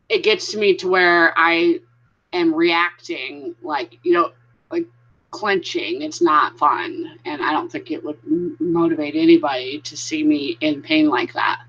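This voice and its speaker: Bright-voiced woman chatting on a live stream. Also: deep voice. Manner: chatty, greets viewers by name. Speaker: vlogger hosting a live stream. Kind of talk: casual live-stream chat. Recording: dull lo-fi sound.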